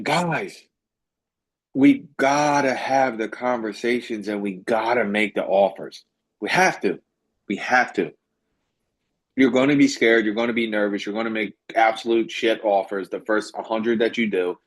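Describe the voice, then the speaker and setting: A man coaching a group on a video call, emphatic and animated, repeating his points to drive them home. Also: on the low side. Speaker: business coach.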